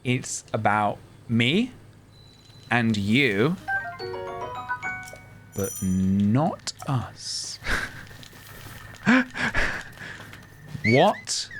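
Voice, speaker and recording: A man streaming a game live, talking in a wry, deliberate way and choosing his words carefully. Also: mid-range voice, noisy background.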